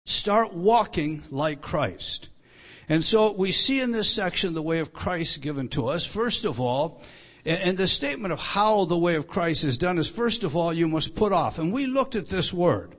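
A man preaching an earnest sermon, often repeating words and slowing down for emphasis. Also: a little high, fairly bright tone. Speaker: pastor.

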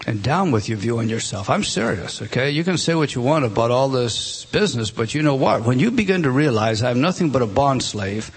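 A man preaching a sermon, emphatic, repeating words and swinging between loud stresses and quiet asides. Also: medium pitch, animated, brisk, few pauses, a little hiss or hum.

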